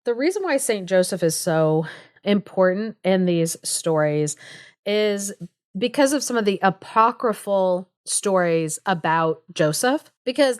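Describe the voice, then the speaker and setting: A woman's voice: lowish voice, clear, resonant tone, dry recording, studio quality. A young woman co-hosting a podcast, casually retelling a fairy tale with lots of "like" and small laughs. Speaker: podcast co-host. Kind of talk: casual storytelling chat.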